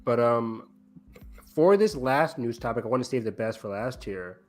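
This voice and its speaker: A man's voice: mid-range voice, expressive, a little mellow, faint music behind. A man co-hosting a podcast, chatting casually about film news with lots of ums and restarts. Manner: rambling, halting with many ums. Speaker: podcast co-host. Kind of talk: casual chat.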